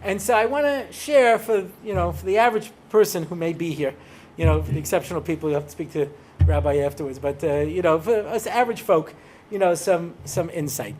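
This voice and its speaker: A man's voice: high voice, darkish tone, slight background noise. An American man, a rabbi, giving a humorous talk to an audience, telling stories and acting out bits for laughs. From United States. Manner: joking storyteller, acts out cantors and voices.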